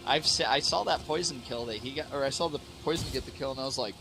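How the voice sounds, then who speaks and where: A man's voice: mid-range voice, quick pace, noisy background. A man streaming a game, chatting casually in a rambling, laid-back way and correcting himself as he goes. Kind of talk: casual gaming stream chat.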